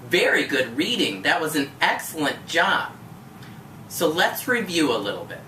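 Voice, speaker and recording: Woman, teacher, encouraging, questioning, animated low voice, distant mic, faint background noise. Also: a little slow. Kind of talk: one-on-one tutoring lesson. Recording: echoey room from far off, faint noise.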